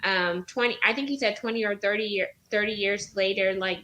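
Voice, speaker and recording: A woman's voice: mid-range voice, steady tone, a little fast, bright, forceful tone, poor audio. A woman, a podcast guest chatting on a video call, telling a story animatedly with many fillers. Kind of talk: casual chat.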